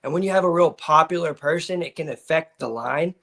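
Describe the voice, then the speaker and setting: High-voiced, laid-back betting co-host. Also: male voice, fairly quick, gravelly, a bit bright. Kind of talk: casual sports betting chat.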